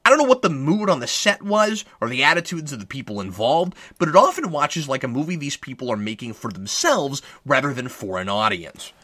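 A man's voice: a little high, pushed and bright, no room sound. A man reading a scripted movie review in a wry, sarcastic manner, close to the mic.

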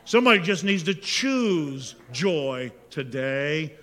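A man preaching a sermon as pastor, moving between hushed, intimate prayer and loud, impassioned exhortation. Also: fairly high pitch, big pitch swings, slow pace. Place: church sanctuary. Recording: long reverb of a large hall.

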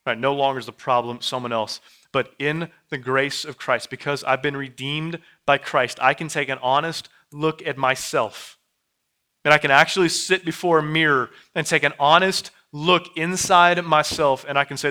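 A man in his thirties preaching a sermon in a church, repeating and building his phrases, dropping to a hush and then rising loud. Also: on the high side, fairly even intonation, normal speed, clear, resonant tone. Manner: repetitive, building phrases, swings from hushed to loud. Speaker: pastor. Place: church sanctuary.

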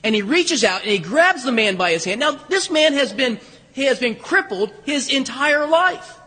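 A pastor with a high, bright, slightly husky voice preaches a sermon in a church sanctuary at a moderate pace. He's animated, telling the story loosely and conversationally, with humor and frequent restarts, while the church's long reverb rings around him.

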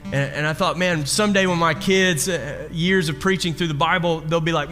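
A man preaching as a pastor, telling a personal story in an animated, self-deprecating way. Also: on the high side, brisk, hardly any pauses. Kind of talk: storytelling sermon. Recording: long hall reverb with faint guitar.

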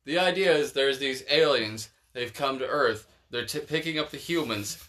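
A man's voice: mid-range voice, moderate pace, sharp tone, slight background noise. A young man hosting a casual podcast, rambling and swearing freely as he explains things. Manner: profane, rambling, laid-back. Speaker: podcast host.

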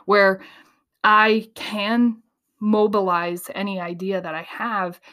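Woman host, casual monologue, animated storyteller, laughs a lot, ideas racing. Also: medium pitch. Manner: quick, tumbling flow of ideas.

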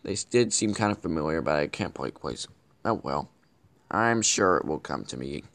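The voice is extremely low, gravelly and fairly bright, a full character voice delivered expressively at normal speed. A man plays a bumbling, scheming villain hosting a comedic web show, rambling, stumbling and self-correcting through this character vlog.

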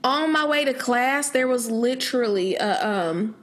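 A young American woman hosts a podcast in a loose, rambling chat, breaking into giggles often. Her voice sits a touch on the higher side. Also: expressive, a little slow, a bit bright. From United States. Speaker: podcast host. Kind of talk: casual chat.

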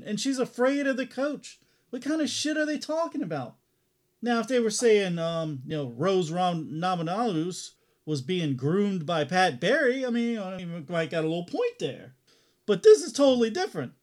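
High-voiced man ranting, cursing freely. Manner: profane, heated ranting. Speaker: podcast co-host. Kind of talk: casual fight-talk chat.

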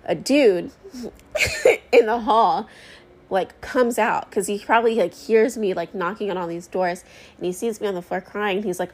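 A woman in her thirties talks in a loose, conversational way, full of fillers and asides. She is pregnant and hosting her own show, telling stories to her listeners at an easy, middle pitch. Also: moderate pace, darkish tone. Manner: chatty, rambling, many fillers and asides. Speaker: podcast host. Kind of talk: casual storytelling chat.

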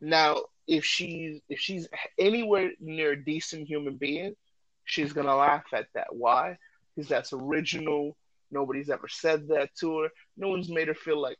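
A man co-hosting a podcast, talking loudly and joking in a casual, animated way. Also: on the high side, moderate pace, no echo, dull audio. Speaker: podcast co-host.

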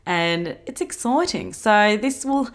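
A woman's voice: medium pitch, animated, takes it slowly. Bubbly Australian woman podcast host. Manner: bubbly, gushing, swears freely. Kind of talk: casual chat.

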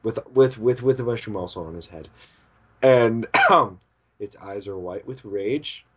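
A male podcast co-host chats casually, reading manga panels aloud and voicing the characters' lines amid bursts of laughter. His voice is lowish, expressive, and fairly bright with a breathy edge, his pace is a little slow, and the audio sounds dull.

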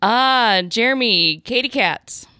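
A woman's voice: on the high side, animated, takes it slowly, sharp tone, no echo, studio quality. A woman hosting a casual group quiz, calling on each player in turn and reading out the clues. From Iowa. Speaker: quiz host.

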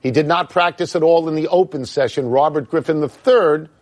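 An older man in his seventies co-hosting a sports talk show, animated, jumping in and repeating words for emphasis. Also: fairly high pitch, a little fast. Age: 70s. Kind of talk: sports debate.

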